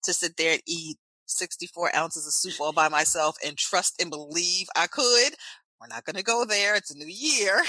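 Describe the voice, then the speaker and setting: A woman with a New Jersey accent chatting on a podcast as a guest, animated and playful. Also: lowish voice, normal speed, dry recording, low-quality recording. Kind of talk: casual podcast chat.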